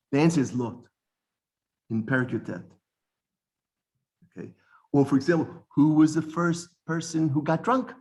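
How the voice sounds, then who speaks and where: Gravelly man teaching a class. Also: on the high side, measured pace, pauses often, a little mellow. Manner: explains points and quizzes the class with questions; digressive, corrects his own wording. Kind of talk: classroom lesson.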